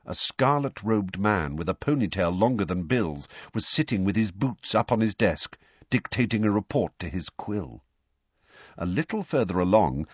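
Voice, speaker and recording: A man reads a storybook aloud in a low, husky voice. His delivery is expressive and his pitch moves a lot. The recording sounds dull and very dry. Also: no echo. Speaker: audiobook narrator. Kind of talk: audiobook narration.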